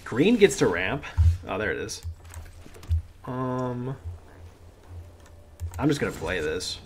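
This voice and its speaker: A man's voice: mid-range voice, very animated, slow pace, slight background noise. A man giving casual commentary while playing a card game, chatty and talking to the game with lots of "dude". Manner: chatty, pleads with the game, says dude a lot. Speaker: gameplay streamer.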